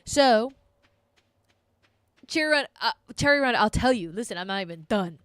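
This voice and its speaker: A woman streamer telling a story to her live chat in a casual, animated way, swearing freely and sounding exasperated. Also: on the high side, moderate pace, smooth, no echo.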